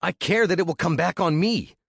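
A man's voice: sits high, fairly quick, creaky, husky, no room sound, voice pushed up, full character voice. A wary, level-headed young man, as a male narrator plays him, firm and clipped. His voice sits somewhat above the narrator's own. It is recorded dry and close. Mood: stern.

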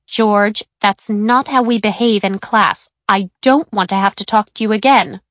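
A woman voicing a strict schoolteacher who speaks briskly and sternly to her class. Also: mid-range voice, fairly bright tone, no room sound, close to an everyday voice. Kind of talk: audiobook character voice.

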